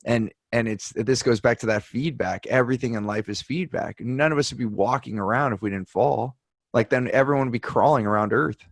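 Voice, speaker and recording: A man hosting a podcast, chatting casually and telling animated stories, acting out the people he quotes. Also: medium pitch, a little fast, gravelly, no echo, clean studio sound. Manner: animated storyteller, acts out quoted voices. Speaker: podcast host. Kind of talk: casual conversation, storytelling.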